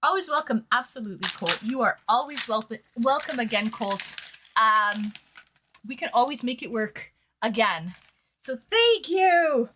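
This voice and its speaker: A Canadian woman streaming live, chatting casually and excitedly thanking her viewers. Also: fairly high pitch, normal speed, background noise.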